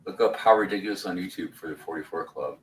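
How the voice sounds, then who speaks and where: A man's voice: low voice, fast talker, slight background noise. Laid-back man in his forties, roomy and distant. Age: 40s. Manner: rambling, laid-back, laughs easily, reads chat aloud. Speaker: host of a building livestream. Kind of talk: casual livestream chat.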